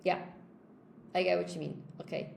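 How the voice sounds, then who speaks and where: A woman's voice: lowish voice, normal speed, vocal fry, a little mellow, reverberant, slight background noise. A woman with a Cork Irish accent teaching an English grammar lesson in a live stream, chatty, often checking in with "okay?" and greeting viewers by name. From Ireland.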